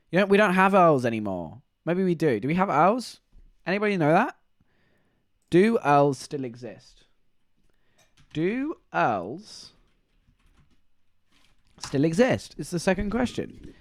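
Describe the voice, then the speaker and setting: A man's voice: on the high side, dry recording, clean studio sound. A man, streaming live and chatting in a rambling, joking way. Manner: rambling, joking, animated storytelling. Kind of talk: casual live-stream chat.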